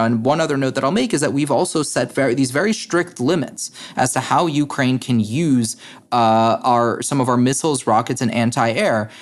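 A man speaks as a podcast guest, laying out his arguments earnestly and at length. His voice sits at an ordinary middle pitch, and he often pauses on fillers and restarts his sentences. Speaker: guest, head of a democracy nonprofit. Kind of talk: interview conversation.

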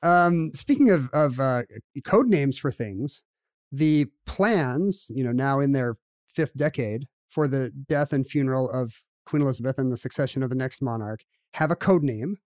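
A man co-hosting a podcast, chatting casually with wry jokes and quick asides. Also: mid-range voice, animated, darkish tone, no echo, clean studio sound. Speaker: podcast co-host. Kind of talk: casual chat.

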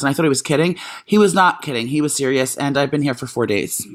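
A man co-hosting a casual chat show, telling animated stories full of fillers and quick asides. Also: on the high side. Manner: animated storytelling, frequent fillers. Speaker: podcast co-host.

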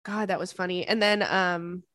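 A woman's voice: on the low side, normal speed. A woman podcast host telling a story in a loose, chatty way, often breaking into laughter and swearing without a second thought. Her voice sits close to the mic in a dry room with no echo. She keeps talking straight to the listener like a friend. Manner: animated, laughs often, swears freely, calls listeners "girl". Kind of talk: casual storytelling chat.

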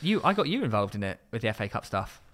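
A man's voice: lowish voice, very animated, fast, fairly bright tone. A young man co-hosting a casual podcast, joking around and reading out listener stories in a rambling way. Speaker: podcast co-host. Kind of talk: casual chat.

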